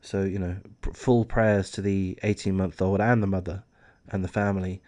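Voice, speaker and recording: A man's voice: low-pitched, level tone, moderate pace, a little mellow. A man reading a news article aloud and adding candid, profane commentary as a true crime YouTuber. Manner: candid, swears freely, slips into ranting asides.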